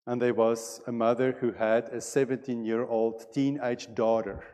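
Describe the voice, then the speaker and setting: A man preaching a sermon as pastor, with a measured and deliberate delivery in a church sanctuary. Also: mid-range voice, little pitch movement, warm tone. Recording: long reverb of a church hall.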